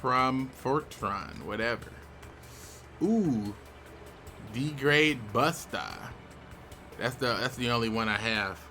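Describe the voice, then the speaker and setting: Bright-voiced young man, laid-back chatter. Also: medium pitch, slow, pauses often, soft background music. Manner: relaxed, chatty, with sudden excited outbursts. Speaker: YouTube host. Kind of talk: casual commentary while opening game card packs.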